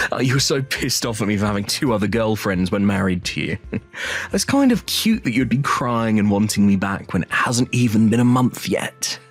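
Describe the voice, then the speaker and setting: A man's voice: on the low side, normal speed, slightly rough. A synthetic man's voice reading an arrogant, cheating rich ex-husband who taunts smugly in a text-message story. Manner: smug, taunting. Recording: faint music underneath.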